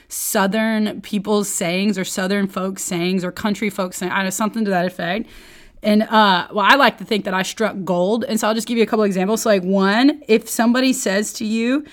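Woman, podcast host, devotional teaching, chatty, rambling, restarts mid-sentence. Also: medium pitch. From Oklahoma, United States. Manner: chatty, rambling, self-interrupting.

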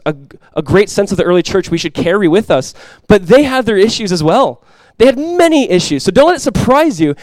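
A male pastor preaching a sermon in a relaxed, conversational way, full of fillers and asides. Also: sits high, no room sound, rough recording.

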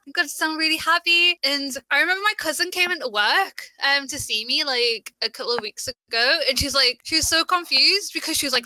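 Young Geordie woman, high bright voice, chatty, dry close mic. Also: normal speed, few pauses, no echo. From Newcastle, England. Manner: chatty, lots of "like", lively and expressive. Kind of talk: casual chat.

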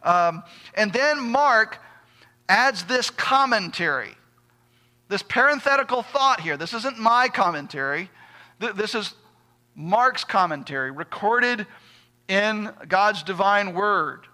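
A man's voice: high-pitched, lively intonation, takes it slowly, sharp tone. A male pastor preaching a sermon, emphatic, putting rhetorical questions to his congregation.

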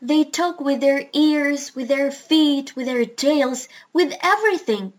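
A woman's voice: sits high, lively intonation. A woman doing a bossy know-it-all parrot. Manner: brisk, know-it-all, lecturing. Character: clever, bossy female parrot.

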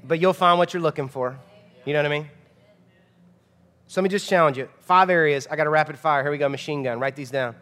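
A man's voice: fairly high pitch, steady tone, fast, a bit bright. A man, preaching a sermon as pastor in a conversational, emphatic way full of rhetorical questions. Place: church sanctuary. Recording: long hall reverb of a church.

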